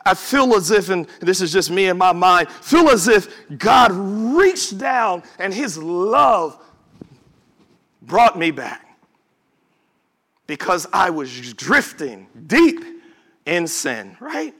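A man preaching to his congregation in a high, bright voice that swings widely between soft murmurs and sudden shouts. He speaks slowly and stretches key words for emphasis. He also slips into casual, chatty asides to the people in front of him. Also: very animated. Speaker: pastor. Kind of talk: sermon. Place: church service before a congregation.

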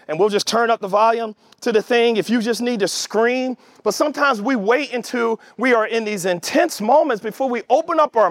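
A man preaching a sermon, emphatic, calling out to the congregation and shouting at the peaks. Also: very high-pitched, no echo, studio quality. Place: church service with online audience.

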